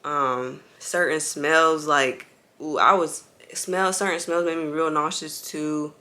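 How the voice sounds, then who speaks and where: A woman's voice: deep voice, fairly even intonation, slow pace, pushed and bright. A young woman telling her story to viewers in a chatty, casual way, full of "like" fillers and calling them y'all, while bouncing on an exercise ball at home with a baby. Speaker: vlogger.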